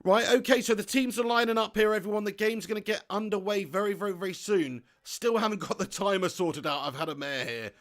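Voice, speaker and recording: Hosting a live football watch-along, a young guy excitedly reads out viewer comments and chats, laughing often and cursing offhandedly. He has a high voice and speaks briskly with few pauses.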